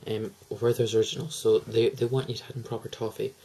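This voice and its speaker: A man's voice: on the low side, level tone, fast, dark tone, breathy edge, poor audio. A teenage boy, chatting to camera in a hyper, gushing, rambling way. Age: teens. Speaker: vlogger. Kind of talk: casual chat to camera.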